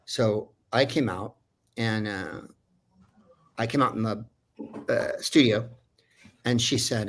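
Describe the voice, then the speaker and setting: A man's voice: lowish voice, slow pace, pauses often. A man who is a voice actor telling a story in a casual way, rambling and digressing with many fillers. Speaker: voice actor guest.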